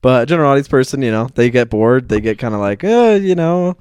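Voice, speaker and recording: A young man chats about films in an easygoing, enthusiastic way, agreeing often and filling his talk with casual likes and yeahs. His voice is smooth and clean, and the sound is dry and close. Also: mid-range voice, fairly even intonation, fast talker, no echo. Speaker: film review podcast co-host. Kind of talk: casual chat.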